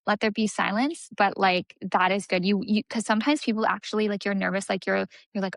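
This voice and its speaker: A young woman with a gravelly, mid-range voice talks fairly quickly and hardly pauses, recorded without echo. As an aesthetics business coach in an informal teaching session, she's chatty, says "like" a lot, and mimics clients.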